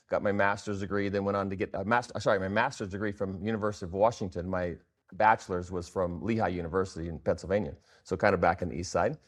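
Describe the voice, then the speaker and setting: A man as a podcast guest, casually telling the story of his company in a relaxed, rambling way with self-corrections, in a showroom. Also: lowish voice. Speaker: guest, fitness product founder.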